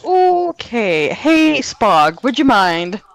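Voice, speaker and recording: A woman's voice: fairly high pitch, sing-song, extremely slow. A woman playing a tabletop game, talking dry and playful. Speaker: player.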